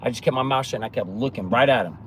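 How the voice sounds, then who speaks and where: A man talking through a motivational monologue, animated and storytelling, with acted-out bits of other people's lines. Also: medium pitch, racing, slight background noise. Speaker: motivational speaker.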